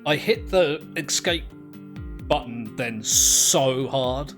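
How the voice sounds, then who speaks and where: A man's voice: mid-range voice, takes it slowly, music in the background. A man, commentating his own game play in a rambling, self-mocking, easily amused way. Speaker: gameplay commentator.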